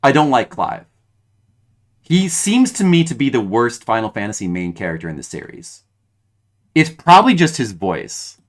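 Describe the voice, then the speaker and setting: A man's voice: medium pitch, very animated, normal speed. A man streaming a video game, commenting casually and rambling with many restarts and hesitations.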